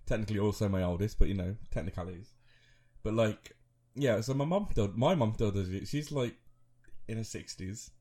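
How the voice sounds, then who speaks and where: A man's voice: fairly low pitch, fairly quick, dark tone. A man in his thirties co-hosting a podcast, rambling through a story with frequent laughs and self-mocking asides. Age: 30s. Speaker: podcast co-host. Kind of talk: casual chat.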